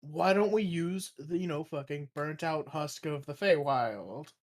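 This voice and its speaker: Quick, joking tabletop player. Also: mid-range voice, darkish tone. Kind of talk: casual tabletop game chat.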